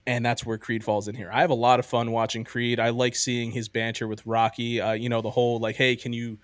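A podcast host with a medium-pitched voice talks fairly quickly in a level tone, with no echo. He chats casually and eagerly about ranking movies, rambling and leaning heavily on "like" and "um."

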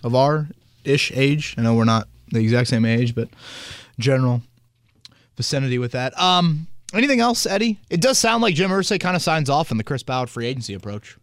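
A man's voice: medium pitch, animated, brisk, dry recording. A man hosting a sports podcast in a casual, rambling way, spinning hypotheticals. He is recorded on a close, dry mic. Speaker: podcast host.

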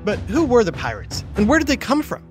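A man's voice: very high-pitched, wildly swooping pitch, fast talker, music in the background. A man hosting an educational podcast for children, playful and explanatory. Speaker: host. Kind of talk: educational kids podcast narration.

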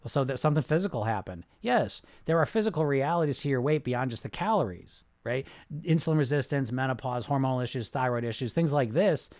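A man's voice: medium pitch, animated, a little fast, darkish tone. A man hosting a live podcast, talking straight to his listeners in a rambling, emphatic way with lots of restarts. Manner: frequent restarts and "you know". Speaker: podcast host reading live comments. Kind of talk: live-streamed casual podcast talk.

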